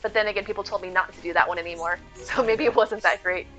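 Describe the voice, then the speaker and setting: Woman, game streamer, casual chat, lively, bright voice, soft music underneath. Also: medium pitch, fast talker, low-quality recording. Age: adult. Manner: chatty, reads chat aloud, lively. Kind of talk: casual chat while gaming.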